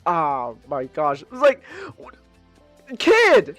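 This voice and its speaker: A man's voice: high-pitched, moderate pace, no room sound, faint music behind. A man hosting a podcast in a casual, rambling chat, full of fillers and frequent laughs. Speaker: podcast host, virtual streamer.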